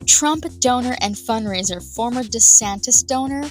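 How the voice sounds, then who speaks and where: A young woman vlogger giving indignant, sarcastic reaction commentary, sometimes drawing words out slowly for emphasis. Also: on the high side, faint music behind. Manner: pauses to over-stress words slowly.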